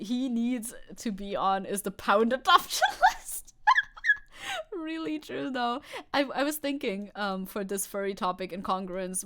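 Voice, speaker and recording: Deliver this as a young woman live-streaming at an ordinary middle pitch. Ramble loosely, swear freely, laugh into your lines and trip over your restarts. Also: fairly bright tone. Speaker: streamer reacting to news clips. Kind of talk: casual live-stream chat.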